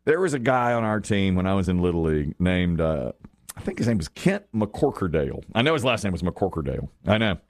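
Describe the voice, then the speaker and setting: A man hosting a casual sports chat show, telling stories with lively acted-out quotes and frequent laughter. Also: low-pitched, fairly quick, dry recording, clean studio sound. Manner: animated storyteller, acts out quotes, laughs often. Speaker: sports talk host.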